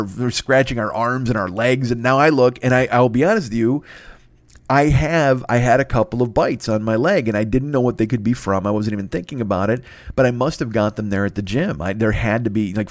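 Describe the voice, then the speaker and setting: A middle-aged man telling a rambling, profane story in a casual, excitable way as a podcast host, close to the mic. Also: mid-range voice, no echo.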